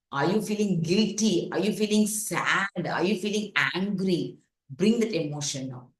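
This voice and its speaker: A woman leads a parenting workshop, speaking in an earnest, instructive way. She restarts sentences and leans on fillers. She keeps checking in with her audience. Her voice bounces around a reverberant room. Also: fairly low pitch. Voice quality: frequent fillers and self-corrections, rhetorical check-ins. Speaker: parenting coach. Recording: echoey room.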